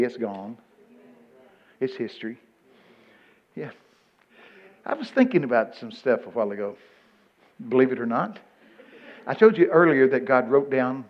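Folksy older preacher, muffled. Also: male voice, medium pitch. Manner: folksy storytelling, bursts of loud excitement. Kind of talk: folksy sermon. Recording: muffled lo-fi recording.

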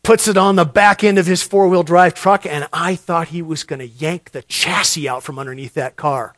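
A middle-aged man preaching a sermon, telling a story and repeating words as he builds to loud emphasis. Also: on the high side, normal speed, no room sound. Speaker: pastor.

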